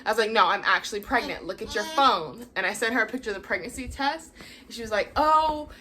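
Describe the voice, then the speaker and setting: A woman's voice: fairly high pitch, fast talker, bright, forceful tone. A young woman hosting a vlog, chatting casually and laughing often as she acts out what people said. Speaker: vlog host. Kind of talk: casual storytelling.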